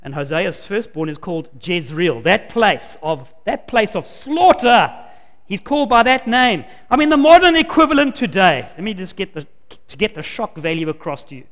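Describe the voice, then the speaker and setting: A man preaching a sermon, telling the story in an animated and emphatic way and acting out the scenes. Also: high voice, moderate pace. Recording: long hall reverb.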